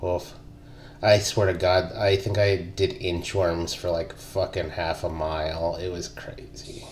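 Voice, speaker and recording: Brief: low-voiced man in his thirties, relaxed profane storyteller, faint hum behind. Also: moderate pace. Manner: laid-back, profane, laughs through stories. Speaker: podcast co-host, army veteran. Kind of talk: casual chat, storytelling.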